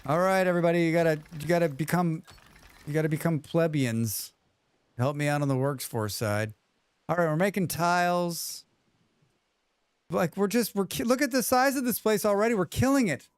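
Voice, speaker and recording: A man's voice: on the high side, moderate pace, clean tone. A man streaming a game, chatting casually and muttering questions and reactions at the screen. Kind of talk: casual gaming commentary.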